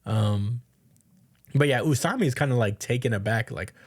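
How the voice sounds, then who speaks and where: A man's voice: mid-range voice, normal speed. A man co-hosting a podcast, casually recapping a manga chapter, laughing often and swearing offhandedly. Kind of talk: casual chat.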